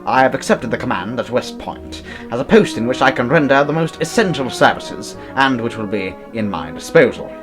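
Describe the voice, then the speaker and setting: A man's voice: mid-range voice, very animated, normal speed, few pauses, close to an everyday voice. A man voicing a scheming general reading out his formal, self-serving letter in an amateur audio drama. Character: scheming male general writing a treasonous letter. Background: music.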